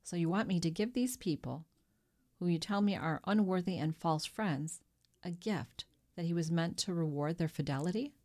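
A woman voicing a calm, measured male priest who speaks formally. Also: lowish voice, close to an everyday voice.

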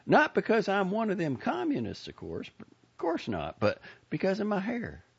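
A man voicing a plump, nosy older woman with a shrill, preachy manner. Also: wildly swooping pitch, moderate pace, gravelly, breathy edge, lo-fi sound, exaggerated voice. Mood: chatty.

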